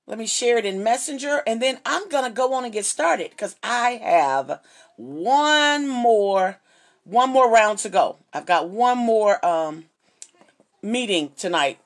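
A chatty, bubbly middle-aged woman with a drawl runs a live jewelry sale. She talks warmly and casually, greeting her viewers one by one as she shows off each piece. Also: medium pitch. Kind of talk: casual live-stream selling.

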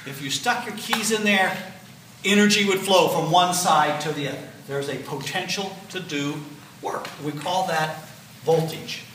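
A physiology professor in his 60s gives a classroom lecture with a high, bright voice, patient, unhurried, and explanatory. He repeats key points with "okay?" and "right?", recorded from a distance in a roomy lecture hall with faint noise.

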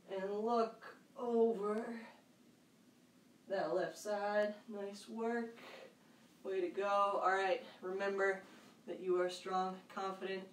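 A woman leading a workout for kids, calling out moves and counts in an upbeat, encouraging way, with loud bursts on the counts. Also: mid-range voice, far from the mic, a little hiss or hum. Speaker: fitness coach for kids. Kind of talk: leading a live kids' workout. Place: room at home. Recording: echoey room, voice off-mic.

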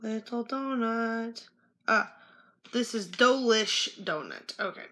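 Bright-voiced young woman unboxing toys. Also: on the high side, slow pace. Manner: chatty, muttering to herself while handling toys. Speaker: toy unboxing vlogger. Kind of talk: casual unboxing chat. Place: indoors at a relative's house.

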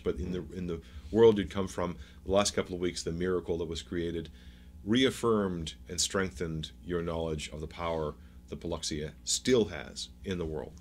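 Game master, male, very low voice, halting descriptive narration, faint hum behind. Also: a little mellow.

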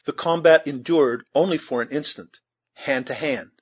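A man narrating an audiobook in a measured, steady storytelling manner, with a husky voice. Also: on the high side.

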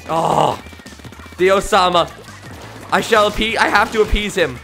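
Speaking at an ordinary pace, a man livestreams a game and offers running commentary full of jokes and excitement. His bright, forceful voice swings widely in pitch, jumping from loud yelps to low mumbles, while game music plays faintly.

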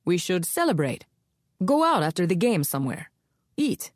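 A woman reading an audiobook, voicing a cool, hard-edged male soccer star in a low, firm voice. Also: sing-song, moderate pace, no room sound, studio quality.

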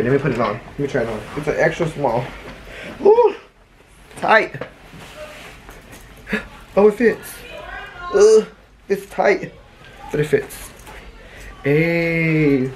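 A young adult vlogger chats casually at home about a shopping haul, rambling through animated stories in a medium-pitched voice. Faint music plays, and there's a little hiss or hum on the recording.

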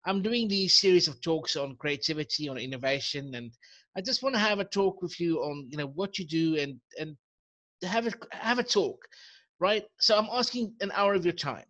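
A man's voice: fairly high pitch, lively intonation, moderate pace, fairly bright tone, dull audio. A man hosting a conversational interview, speaking in an earnest, reflective way. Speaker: host.

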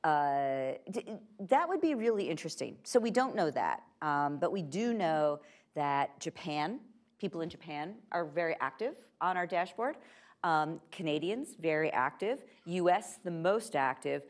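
A woman speaking as a guest onstage at a conference, lively and laughing, acting out quoted voices between frequent fillers. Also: low-pitched, a little slow. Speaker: guest speaker, tech company privacy chief. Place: stage at a tech conference.

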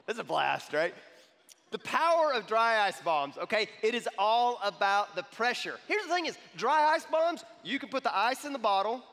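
A man in his thirties giving a conversational sermon to young adults, animated and checking in with the crowd. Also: high voice. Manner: animated, repeats "okay?" to the crowd. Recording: long hall reverb.

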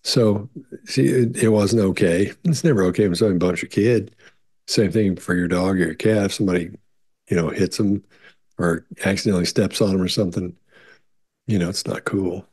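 A man's voice: steady tone, a little fast, darkish tone, breathy edge. A middle-aged man, a behavior analyst, answering viewer questions in a casual, rambling way with frequent restarts. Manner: rambling, repeats words, many restarts and fillers; acts out quoted voices in higher pitch. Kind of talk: casual explanatory talk.

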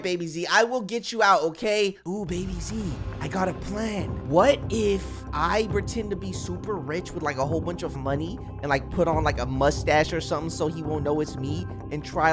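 A woman gaming YouTuber giving excited roleplay commentary, exclaiming and acting out chat lines. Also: lowish voice. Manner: animated, exclaiming, reads out and acts chat lines in a dramatic voice.

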